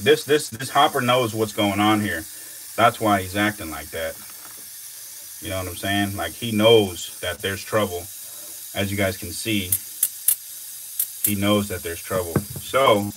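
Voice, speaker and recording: A man casually commenting while filming, excitable and slangy, swearing often and talking both to his animals and to viewers. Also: on the low side, a little hiss or hum, poor audio. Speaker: reptile keeper vlogger.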